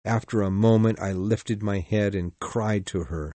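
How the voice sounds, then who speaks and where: A man narrating a storybook in the first person, in an expressive, measured reading. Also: fairly low pitch, dry recording. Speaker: audiobook narrator.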